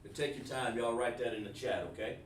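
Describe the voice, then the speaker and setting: A man's voice: medium pitch, steady tone, brisk, slight background noise. Male teacher, informal, repeats himself; echoey room, mic at a distance. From South Carolina, USA. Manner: informal, repeats words, talks to students by name. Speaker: Hebrew class teacher. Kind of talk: online class lesson.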